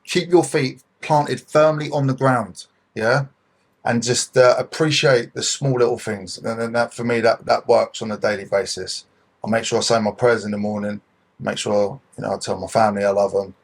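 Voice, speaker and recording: A man, a podcast guest in recovery, giving earnest advice in a husky voice, emphatic and swearing freely. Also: medium pitch, fairly even intonation, moderate pace. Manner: emphatic, swears freely, repeats points for stress.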